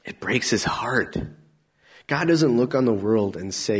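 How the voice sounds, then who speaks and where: Husky guy preaching, voice jumps all over, loud then real quiet. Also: mid-range voice, unhurried. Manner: animated, swings between loud emphatic lines and soft near-whispers. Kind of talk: sermon.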